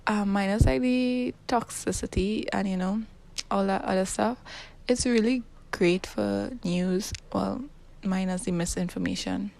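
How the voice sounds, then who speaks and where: A young woman talks through a solo podcast, recorded on a phone tucked in a sock. Her middle-pitched voice carries a slight gravelly fry. She rambles and teases herself, and she slips into whispers for her asides. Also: a little slow, darkish tone. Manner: chatty, self-deprecating, drops into whispers for asides. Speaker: podcast host. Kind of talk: casual rambling monologue.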